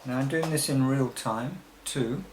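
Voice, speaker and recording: A man teaching songwriting rhythm, explaining slowly and patiently, step by step. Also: medium pitch, background noise. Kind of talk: recorded teaching demonstration. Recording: echoey room.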